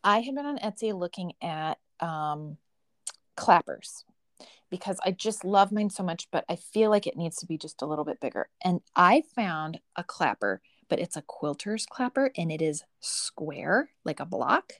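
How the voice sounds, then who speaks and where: A woman's voice: lowish voice, lively intonation, normal speed, dry recording, clean studio sound. A woman co-hosting a podcast in casual chat, chatty, trailing off mid-sentence and laughing often. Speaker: podcast co-host.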